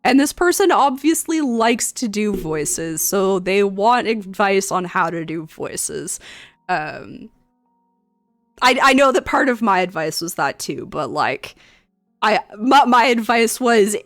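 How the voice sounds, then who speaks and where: Young woman host, casual reaction chat, filler-heavy and laughing, mid pitch, dry close-miked sound. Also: sing-song, a little slow, a bit bright, no echo, faint music behind. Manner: chatty, frequent ums and likes, laughs often. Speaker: streamer and host. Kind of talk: casual chat reading and reacting to forum posts.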